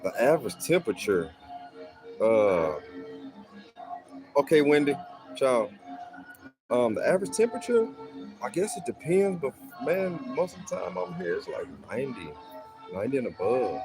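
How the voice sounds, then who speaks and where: A man's voice: mid-range voice, very animated, normal speed, pauses often, over music, rough recording. A middle-aged man hosting a casual livestream from home, chatting with viewers in a laid-back, rambling way and often saying "man.". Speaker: livestream host. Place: at home in a hot city neighborhood.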